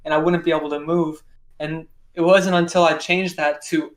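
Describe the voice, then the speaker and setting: A man's voice: a little high, little pitch movement, a little fast. Man, podcast guest, slightly raised voice, intense repetitive storytelling. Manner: intense, repetitive retelling with vivid detail. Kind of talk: casual storytelling interview.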